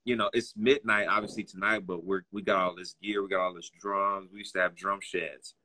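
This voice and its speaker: A young man with a low, bright, forceful voice tells personal stories in relaxed conversation. He acts out the other people in his stories with lively changes of voice. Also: fairly quick. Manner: animated, acts out other people's lines in a raised voice. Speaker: guest telling personal stories. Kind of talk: casual conversational storytelling.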